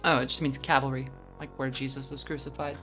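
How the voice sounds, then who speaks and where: A woman's voice: rumbling low, level tone, fast, fairly bright tone, soft background music. A woman hosting a let's play, chatting casually and rambling about a game.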